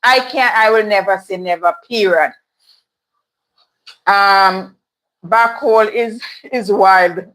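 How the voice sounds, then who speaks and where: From her home in Toronto, a woman hosts a casual livestream, reading viewers' comments aloud and answering candidly, chatty and laughing often. Her mid-range, fairly bright voice is slow with long pauses, and the recording is rough.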